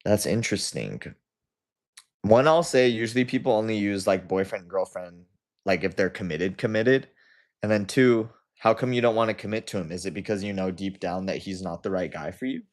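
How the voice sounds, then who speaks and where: A young man with a deep, low voice hosts a casual livestream. He reads viewer comments aloud and answers them in a relaxed, chatty way. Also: normal speed. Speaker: livestream host.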